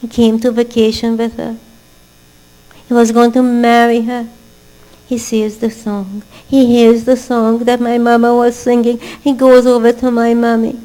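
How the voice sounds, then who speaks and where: An older woman gives a Torah class as a sermon in a somewhat high voice, full of rhetorical questions and passionate pleas. A low mains hum runs under the recording. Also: completely flat delivery, a little slow, warm tone, rough recording. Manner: impassioned, rhetorical questions, rising to emphatic exhortation. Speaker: religious teacher.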